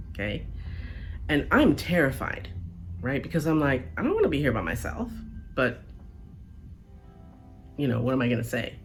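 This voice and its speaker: A woman telling a personal story in a casual, chatty way, often checking in with the listener. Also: very deep voice. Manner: chatty, animated, keeps checking in with "right?" and "okay?".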